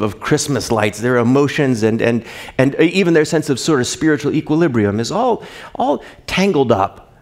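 A pastor preaching a sermon, rising for rhetorical questions and dropping soft when reading scripture. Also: male voice, a little high.

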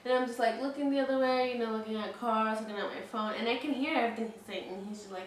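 A woman's voice: fairly high pitch, fairly even intonation, quick pace, hardly any pauses. A woman in her twenties telling a story casually, chatty, with lots of "like" and frequent swearing. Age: 20s. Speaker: vlogger. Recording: very echoey room, mic at a distance, faint noise.

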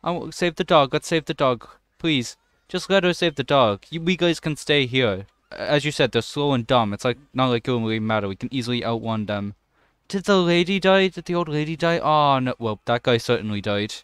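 A young man talks through a game in a smooth, resonant voice, recorded close and dry. He jokes, swears freely and jumps to excited yelps as he plays. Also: medium pitch, fairly quick, no echo. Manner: excitable, swears often, jokey running commentary. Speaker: gaming channel host. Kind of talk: let's play commentary.

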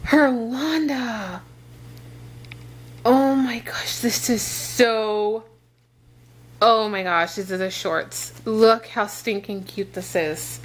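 A young woman gushing over gifts in an excited unboxing vlog, gasping and repeating exclamations of delight. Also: mid-range voice, extremely slow.

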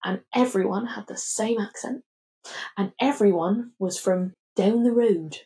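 A young woman from England, a podcast co-host, telling a story in casual chat, acting out quotes and swearing freely. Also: measured pace. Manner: animated, acts out quotes with big pitch jumps, swears freely.

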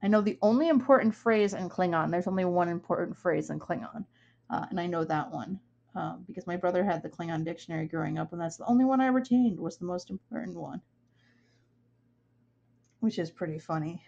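A woman's voice: lowish voice, brisk, vocal fry, a little mellow, dull audio. A young woman from upstate New York, an artist chatting casually and rambling while she works, laughing often. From upstate New York, USA. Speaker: artist streaming her work. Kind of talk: casual chat while drawing.

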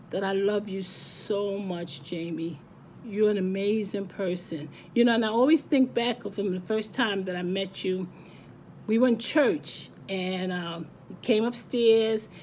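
A woman's voice: on the high side, darkish tone, a little hiss or hum. A woman giving a heartfelt spoken birthday tribute to a friend, emotional, her voice cracking at times.

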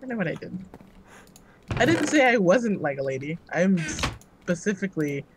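A woman's voice: fairly low pitch, sing-song, moderate pace, noisy background. A woman chatting casually while gaming, teasing and sarcastic, laughing often. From United States. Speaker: gamer.

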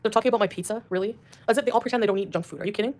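Rapid-fire ranting woman. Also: mid-range voice, darkish tone. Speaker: streamer. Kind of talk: ranting livestream clips.

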